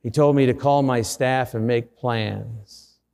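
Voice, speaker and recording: Middle-aged guy preaching, kinda gravelly, warm dark tone, pokes fun at himself. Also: mid-range voice, steady tone, slow, in a large hall. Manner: personal storytelling with self-deprecating humor. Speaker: pastor. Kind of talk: sermon.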